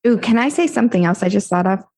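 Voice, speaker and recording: A woman guest on a podcast, telling stories in a chatty, animated way. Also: medium pitch, fast. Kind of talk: casual chat.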